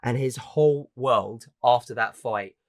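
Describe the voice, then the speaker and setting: A man's voice: mid-range voice, unhurried. A man co-hosting a casual anime podcast, retelling scenes animatedly, acting out the characters' lines and swearing casually. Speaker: podcast co-host. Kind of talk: casual chat about anime.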